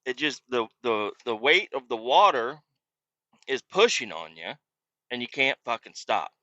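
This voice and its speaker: A man's voice: medium pitch, big pitch swings, a little slow, sharp tone, no echo, lo-fi sound. A man hosting a podcast, telling a story in a casual, profane, rambling way and poking fun at himself. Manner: profane, rambling, self-mocking. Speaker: podcast host.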